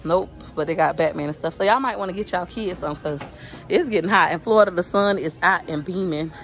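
A woman's voice: fairly low pitch, a little fast, a bit bright, soft background music. A woman films herself shopping in a store and talks straight to her viewers. Her voice is chatty and easygoing, picked up by a handheld phone. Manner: chatty, addresses viewers directly. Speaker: vlogger. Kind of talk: casual shopping vlog.

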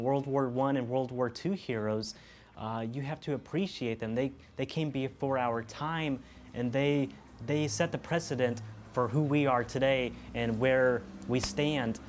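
A man's voice: medium pitch, measured pace, slight background noise. A man earnestly making his case in a documentary interview. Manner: earnest, insistent. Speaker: VHS collector interviewee.

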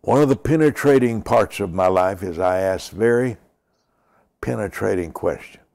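An older man preaching and praying, slow and emphatic, repeating lines and dropping to a whisper. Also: fairly low pitch, vocal fry, a little mellow. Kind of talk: sermon with prayer.

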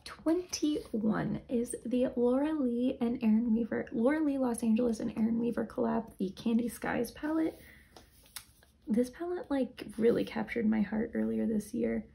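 A woman's voice: fairly high pitch, moderate pace, vocal fry, dark tone. A young woman casually reviewing products, chatty and rambling, sounding tired. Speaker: beauty vlogger.

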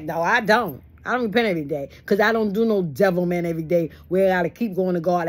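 A woman with a fairly low speaking voice leads a Bible study. She moves between reading the text and talking straight to her listeners in a folksy, preaching way, sometimes acting out what people say. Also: quick pace, few pauses. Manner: folksy, preachy asides, acts out quotes. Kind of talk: conversational Bible study teaching.

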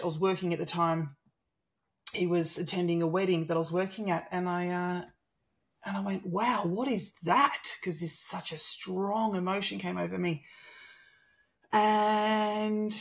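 A woman in her thirties with an Australian accent, a guest telling a personal story in conversation and acting out the dialogue. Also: fairly low pitch. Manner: animated, acts out quoted dialogue.

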